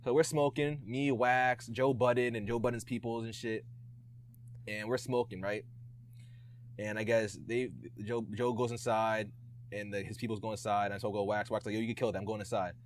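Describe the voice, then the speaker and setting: A young adult man, a guest on a podcast, telling stories in an animated, slangy way and acting out what people said. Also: fairly low pitch, normal speed, slight background noise. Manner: animated, acts out quotes, slangy. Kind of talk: casual storytelling chat.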